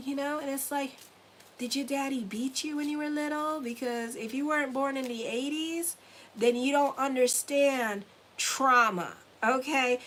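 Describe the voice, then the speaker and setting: Woman astrologer in her forties, slightly high voice, blunt and profane, chatty horoscope reading. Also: steady tone, normal speed, a little hiss or hum. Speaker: astrologer and tarot reader. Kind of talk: casual weekly horoscope reading.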